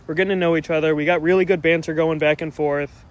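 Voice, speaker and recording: Casual male storyteller, higher-pitched, rambling, recorded outside. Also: fairly even intonation, fast talker, highs cut off. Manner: rambling, quotes himself. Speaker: storyteller in clip.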